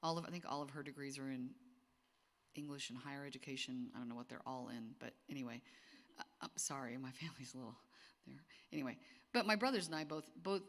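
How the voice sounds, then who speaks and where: Talking informally to a women's gathering, this middle-aged woman keeps starting over and slipping in side comments. Her low voice has a slight brightness, and a long hall reverb hangs over the recording.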